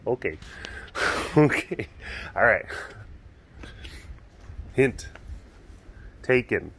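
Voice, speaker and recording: A man's voice: animated, very slow, gravelly, long pauses, a bit bright, a little hiss or hum. A man hosting an outdoor webcast from a big cat compound, chatting and laughing as he walks around and coos at the animals. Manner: talks to the cats in a high doting baby voice; laughs often, playful asides voicing the animals. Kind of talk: casual chat to camera while walking around animal enclosures.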